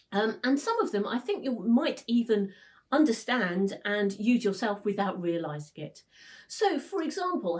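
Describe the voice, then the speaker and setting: A woman's voice: mid-range voice, darkish tone, distant mic. A woman, patiently explaining slang to learners as their teacher. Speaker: English teacher.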